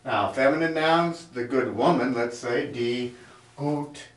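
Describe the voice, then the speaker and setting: A man teaching a grammar lesson in a classroom, explaining step by step as he writes on a board. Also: medium pitch. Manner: slow, explanatory, writing on a board as he talks. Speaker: German teacher. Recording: echoey room, mic far off.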